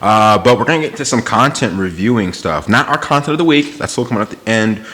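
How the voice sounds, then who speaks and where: A man's voice: on the low side, lively intonation, brisk, a bit bright. A man hosting a podcast, chatting casually about new music in a laid-back, rambling way with plenty of slang and filler. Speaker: podcast host.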